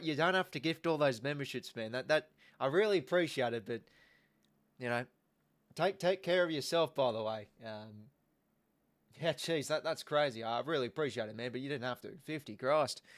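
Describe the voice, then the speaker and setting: An Australian man in his younger years hosts a live football watch-along stream. His talk is relaxed and chatty, full of small restarts as he thanks viewers. His voice sits at an ordinary middle pitch. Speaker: livestream host.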